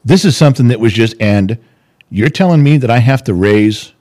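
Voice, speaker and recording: A man's voice: mid-range voice, lively intonation, moderate pace, a little mellow. A middle-aged man co-hosting a podcast, talking in a heated, ranting way and swearing freely. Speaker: podcast co-host. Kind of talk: casual chat.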